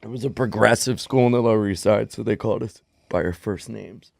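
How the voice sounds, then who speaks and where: A man's voice: on the low side, fairly quick, creaky, no echo. A man co-hosting a comedy podcast, telling stories casually and acting out the voices of people in them, in a studio. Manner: animated, acts out voices in his stories.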